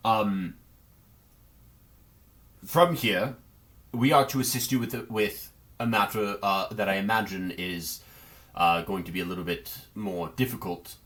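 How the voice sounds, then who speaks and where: A man's voice: on the low side, measured pace, long pauses, a bit bright. A man voicing an earnest, devout male paladin leader who speaks formally with frequent hesitations. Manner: formal, pious speech with frequent ums.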